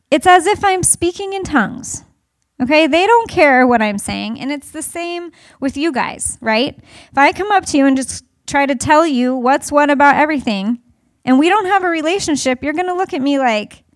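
A woman in her thirties speaking to an audience in a conversational way, telling family stories with animated delivery and laughter. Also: sits high, no echo, studio quality.

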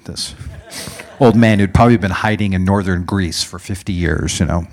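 A man preaching a sermon as a dramatic story, dropping to hushed whispers and rising to loud exclaims. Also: low voice, brisk.

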